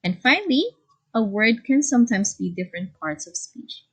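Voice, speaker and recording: A woman teacher giving a recorded English lesson, explaining clearly and calmly. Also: a little high, moderate pace, low-quality recording.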